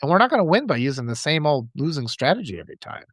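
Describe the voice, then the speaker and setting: A man hosting a live stream, speaking with fervent conviction in a somewhat high voice. He hammers his points home by repeating phrases and reacts to viewer chat between remarks. The sound is close and dry, with no room echo. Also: big pitch swings, racing, a bit bright. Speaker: livestream host. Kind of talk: impassioned political commentary reading live chat.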